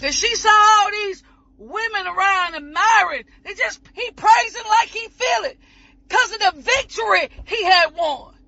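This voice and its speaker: A woman preacher in full ecstatic sermon, shouting, whooping and near tears. Her voice sits very high and cuts bright. The recording is muffled and lo-fi. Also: measured pace. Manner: impassioned, shouting and whooping, voice breaking as if crying.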